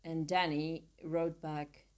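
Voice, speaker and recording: A woman's voice: sits low, level tone, slow, clean tone. A woman author talking about her own novel in a casual podcast chat, playful and teasing with her friends.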